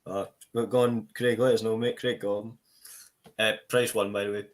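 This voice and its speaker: Male co-commentator with a lower voice, relaxed and casual, talking to the chat between darts calls. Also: moderate pace. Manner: relaxed, talks to the chat room. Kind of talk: casual sports banter.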